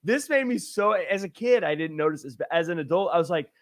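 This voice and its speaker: A man hosting a casual movie chat, lively and joking, who slips into quick mock voices. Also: sits high. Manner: lively, mimics people in funny voices. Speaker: podcast host.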